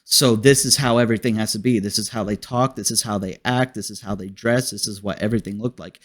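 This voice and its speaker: A man's voice: fairly low pitch, steady tone, quick pace. A man hosting a casual podcast, reviewing a movie in a rambling, profane way and laughing often. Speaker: host.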